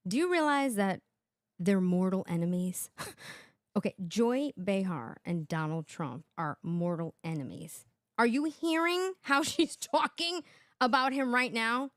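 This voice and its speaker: A woman's voice: medium pitch, dry recording, studio quality. A woman hosting a reaction commentary, talking sarcastically and laughing often as she mocks the clips. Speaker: commentary channel host.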